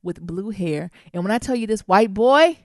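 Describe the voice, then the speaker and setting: A woman's voice: medium pitch, normal speed, no room sound, clean studio sound. A woman co-hosting a podcast in casual chat, telling stories animatedly and with plenty of cursing. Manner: animated, profane storytelling with acted-out quotes. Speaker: podcast co-host.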